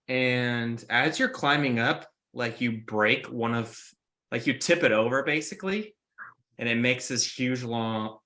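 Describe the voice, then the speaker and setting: Bright-voiced man running a tabletop game. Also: medium pitch. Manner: casual, many fillers, describing scenes. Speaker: game master.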